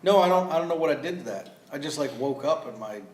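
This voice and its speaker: A man's voice: on the high side, lively intonation, quick pace. Sheepish man in an echoey room. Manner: sheepish, self-deprecating. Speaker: podcast co-host. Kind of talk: casual chat. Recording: roomy echo.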